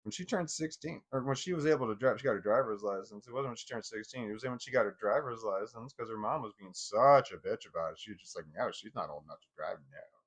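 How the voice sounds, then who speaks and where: A man's voice: medium pitch, fast, few pauses, husky. A middle-aged man telling a personal story in casual vlog talk, rambling and profane, with many restarts. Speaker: vlogger.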